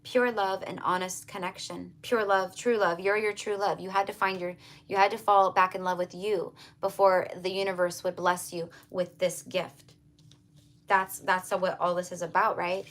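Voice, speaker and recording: A tarot reader speaks at a normal speed in a fairly low, flat voice that barely moves in pitch. Her reading is casual, and she talks to her viewers earnestly and emphatically, calling them "you guys" and repeating herself often.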